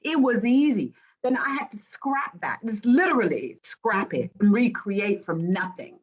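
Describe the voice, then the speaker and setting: A woman's voice: medium pitch, a little slow, slightly rough. A middle-aged woman from Great Britain, a life coach telling her story as an interview guest and acting out the voices she quotes. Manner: animated, acts out quoted voices. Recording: dull lo-fi audio.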